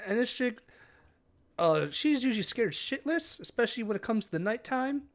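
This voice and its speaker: A male game master narrates a tabletop game on stream, rambling and cursing loosely as he goes. His pitch rises and falls in a lively way. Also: normal speed. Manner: casual, rambling, swears freely.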